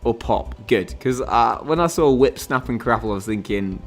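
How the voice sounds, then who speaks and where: A man's voice: medium pitch, lively intonation, normal speed, soft background music. A man hosting a quiz game on a live stream, chatting casually and rambling with lots of fillers and restarts.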